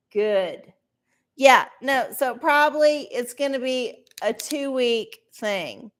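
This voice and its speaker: A woman's voice: a little high, slow. A middle-aged woman reading oracle answers on a live stream, rambling, swearing and sarcastic. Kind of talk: casual live-stream chat.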